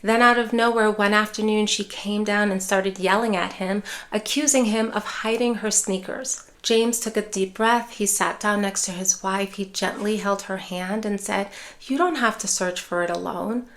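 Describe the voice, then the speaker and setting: A woman teaching caregivers in a calm, measured voice. She speaks steadily and reassuringly, with the clear pacing of a prepared lesson to camera. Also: medium pitch. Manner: calm, measured, reassuring delivery with acted example phrases. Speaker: neuropsychologist and dementia care educator. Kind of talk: scripted educational talk to camera.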